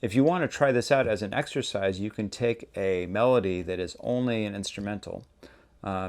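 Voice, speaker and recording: A man hosting a songwriting lesson, explaining step by step in a relaxed, conversational way. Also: low voice, creaky. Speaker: songwriting teacher, show host. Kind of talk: casual instructional talk.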